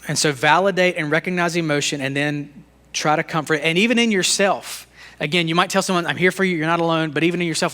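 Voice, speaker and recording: A man's voice: a little high, steady tone, a little fast, a bit bright. A man co-hosting a faith-based leadership podcast, teaching in an earnest, conversational way, sharing his own struggles and often restarting his sentences. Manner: earnest, conversational, self-disclosing; repeats words and restarts sentences. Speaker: podcast co-host.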